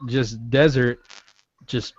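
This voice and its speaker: A man's voice: medium pitch, fairly even intonation, slow. Joking, rambling man, lo-fi webcast. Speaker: podcast co-host. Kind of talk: casual chat. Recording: dull lo-fi webcast audio.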